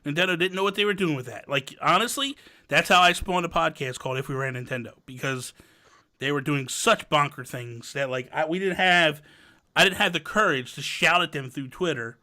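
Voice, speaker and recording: In a brisk, slightly high voice, a man in his thirties hosts a casual podcast chat. He's an animated storyteller who acts out quotes as he goes.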